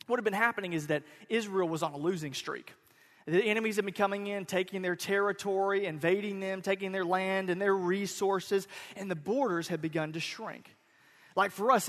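A male pastor with a fairly high voice delivers a sermon in a church sanctuary, his words trailing into a long reverberant tail. He talks to the congregation casually, punching some words loudly and dropping others to near hush. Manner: conversational, swings between loud emphasis and quiet asides. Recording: reverberant hall.

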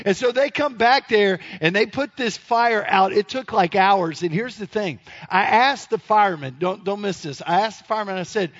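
High-voiced man telling a story. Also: moderate pace. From Memphis area, United States. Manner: animated, self-deprecating, addresses the audience directly. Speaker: speaker telling a story to an audience. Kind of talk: comic storytelling talk. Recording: dull lo-fi sound.

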